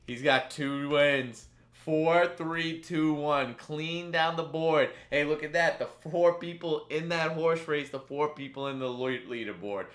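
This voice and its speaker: A man hosting a live stream, calling a chat horse race with animated play-by-play and banter. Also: on the high side, measured pace, hardly any pauses, roomy sound. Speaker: stream host.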